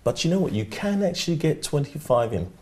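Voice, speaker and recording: A man's voice: fairly high pitch, very animated, fairly quick, darkish tone. Upbeat man giving life advice. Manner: upbeat, coaching, asks rhetorical questions. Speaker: regular life coach guest. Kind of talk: motivational advice chat.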